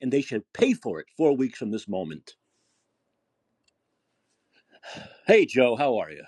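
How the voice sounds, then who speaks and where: A man hosting a call-in podcast, arguing heatedly with a caller. He talks in a combative, repetitive way and yells. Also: mid-range voice, wildly swooping pitch, unhurried, slightly rough, no room sound. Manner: yelling, combative, repeats himself. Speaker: podcast host.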